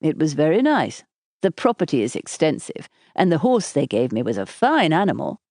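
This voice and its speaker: A woman's voice: low voice, big pitch swings, normal speed, a little mellow, no echo, clean studio sound, exaggerated voice. A woman voicing a charming, teasing husband. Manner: light, playful and affectionate. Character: charming teasing husband, man in his thirties.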